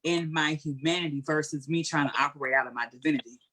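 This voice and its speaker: A woman with a somewhat low voice speaks candidly in an interview. Her delivery is earnest and colloquial, with an animated storytelling flow. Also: quick pace, slight background noise. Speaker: guest speaker. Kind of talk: heartfelt conversational interview answer.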